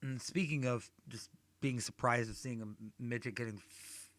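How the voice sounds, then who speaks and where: Profane rambling stand-up comic. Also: male voice, mid-range voice, fairly even intonation, moderate pace, fairly bright tone, dry recording. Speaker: stand-up comedian. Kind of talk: stand-up comedy set.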